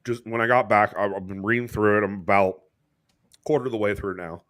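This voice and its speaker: An American man co-hosting a podcast, telling a story in casual chat with swearing and quick jumps in pitch when he quotes people. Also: steady tone, fairly bright tone. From United States. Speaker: podcast co-host.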